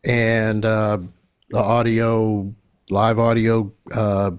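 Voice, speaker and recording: A man's voice: on the low side, monotone, drawn-out words, smooth. A man from Los Angeles hosting a podcast, talking in a chatty way full of ums and side remarks. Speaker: podcast host. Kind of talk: casual interview chat.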